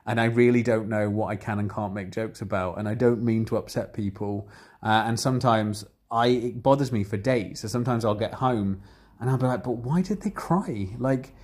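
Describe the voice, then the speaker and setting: A man talking candidly in a casual chat, rambling and getting animated as he retells conversations. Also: lowish voice, brisk.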